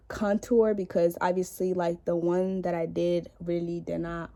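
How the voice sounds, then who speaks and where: A woman's voice: on the low side, a little mellow. A young woman telling a rambling, profane story in a casual makeup vlog, recorded indoors at home on a camera in front of her. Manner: chatty, profane, rambling, with many likes. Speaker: beauty vlogger.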